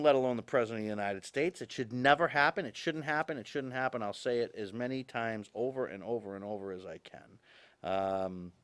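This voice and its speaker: A man hosting a talk show, delivering an opinionated monologue straight to his viewers and repeating his points for emphasis. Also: medium pitch.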